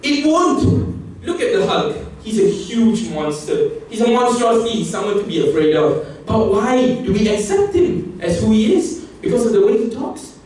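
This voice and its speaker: A man's voice: sits high, moderate pace, far from the mic, slight background noise. Young man speaking in an echoey hall. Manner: humorous, emphatic, rising to excited outbursts. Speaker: public speaking contestant. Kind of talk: competition speech. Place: competition hall.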